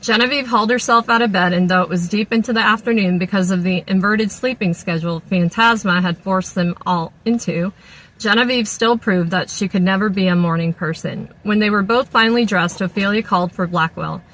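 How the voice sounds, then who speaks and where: A woman reading a novel aloud at an even, steady pace, with a few small restarts. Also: medium pitch, brisk, rough recording. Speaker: audiobook reader.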